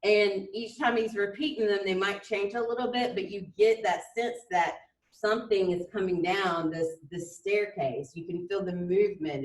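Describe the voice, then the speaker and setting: A woman art teacher lecturing over slides in a chatty way, full of fillers and restarts, raising her pitch to stress key words. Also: far from the mic. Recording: echoey room, voice off-mic.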